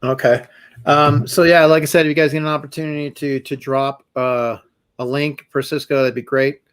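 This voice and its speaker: Male host, higher-pitched, rambling casual quiz-recap delivery. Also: little pitch movement, normal speed, a bit bright, clean tone. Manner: rambling, lots of fillers, reading quiz answers. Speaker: show host. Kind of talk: casual live-stream chat.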